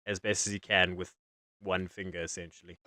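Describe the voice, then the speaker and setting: A man's voice: sits low, flat delivery, fairly quick, pushed and bright, no echo, clean studio sound. A young man running a tabletop game as game master, laid-back and chuckling, with fillers.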